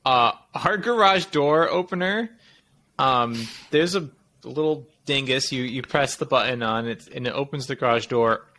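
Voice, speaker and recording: A man's voice: medium pitch, unhurried, pushed and bright. A man co-hosting a tech podcast, chatting casually and wandering through long explanations that he corrects as he goes. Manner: rambling, self-correcting explanations. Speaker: podcast co-host.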